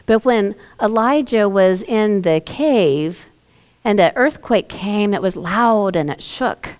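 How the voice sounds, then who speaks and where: A woman pastor preaching a sermon in a gentle, conversational way, asking her listeners questions. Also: medium pitch.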